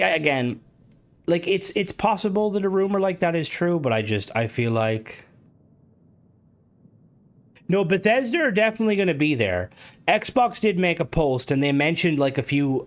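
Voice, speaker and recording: A man streaming and chatting casually, rambling with lots of fillers, restarts and swearing. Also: medium pitch. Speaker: game streamer. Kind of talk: casual live-stream chat.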